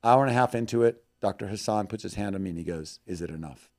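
A man with a low, mellow voice speaks earnestly about loss and faith. His delivery swings between loud emphasis and quiet, hushed moments, closing in heartfelt prayer. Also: fast. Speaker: missionary guest.

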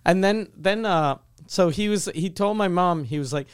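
Podcast co-host, male: high, clear voice, lively swearing storyteller, dry close mic. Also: normal speed, no echo. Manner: animated, swears freely, laughs while telling stories. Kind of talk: casual chat, storytelling.

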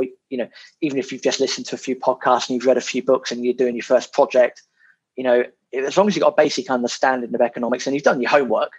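With a mid-range voice carrying a breathy edge, a man appears as a podcast guest, talking about property in a casual, animated way. He occasionally swears and repeats his words. The interview chat has dull, lo-fi sound.

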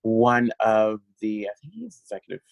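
A man being interviewed, telling a long story in an animated way, laughing often and using lots of fillers. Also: fairly low pitch, normal speed, vocal fry, no room sound, poor audio. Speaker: guest. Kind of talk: casual interview chat.

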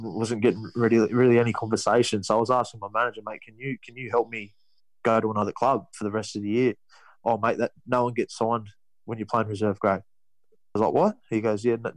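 A man's voice: fairly low pitch, no echo, low-quality recording. A young Australian man telling a story in a casual interview, rambling, with many restarts. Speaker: guest, rugby league player.

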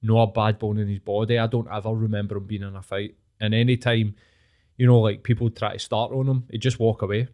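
A man's voice: on the low side, little pitch movement, fairly quick, darkish tone. A Glaswegian man in his late thirties, hosting a podcast, telling school stories in casual, sweary chat with frequent laughs. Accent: Glaswegian Scottish. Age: late 30s. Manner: sweary, storytelling, laughs often. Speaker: podcast host.

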